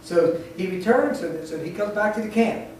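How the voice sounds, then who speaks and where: A man's voice: high voice, animated, normal speed. A man preaching a sermon in a church, telling stories in a conversational way with laughs and restarts. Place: church sanctuary. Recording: echoey church hall, distant mic, faint noise.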